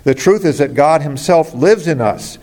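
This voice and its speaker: A man's voice: fairly high pitch, animated, moderate pace, warm tone. A man preaching a sermon as a pastor, earnest and rising to emphatic exclamations.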